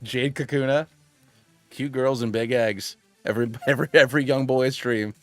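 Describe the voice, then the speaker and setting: A man in his thirties streaming a game, chatting casually in a rambling, excitable way with many restarts and tangents. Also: medium pitch, a little fast, dry recording, faint music behind. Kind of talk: casual gaming stream chat.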